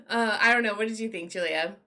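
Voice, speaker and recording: Bright-toned woman panelist, laughing often. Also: mid-range voice. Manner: lively, laughs often, quick back-and-forth. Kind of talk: casual panel discussion.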